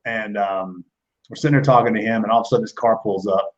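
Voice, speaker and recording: A man's voice: fairly low pitch, fairly even intonation, fast, muffled recording. A man in his forties, a former wrestler and guest, telling rambling, profane backstage stories in a casual chat and laughing along the way.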